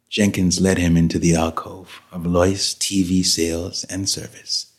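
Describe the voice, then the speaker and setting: A man reading a story aloud as narrator in a measured, dramatic way. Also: low-pitched, steady tone, husky. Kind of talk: scripted audiobook narration.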